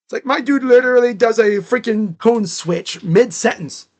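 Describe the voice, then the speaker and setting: High-voiced man calling a game live. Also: moderate pace. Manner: casual, rambling, heavy use of "like". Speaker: live reaction streamer. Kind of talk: live play-by-play reaction commentary.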